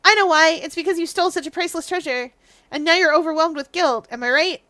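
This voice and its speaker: A woman voicing an excitable young woman sidekick, reading game dialogue aloud with energy. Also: very high voice, fast, no echo, voice pushed up. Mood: confident.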